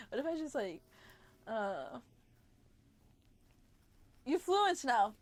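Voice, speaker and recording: A woman's voice: fairly high pitch, sing-song, extremely slow, long pauses. A young woman livestreamer chatting casually with her viewers, bubbly and giggly, often gasping and restarting her sentences.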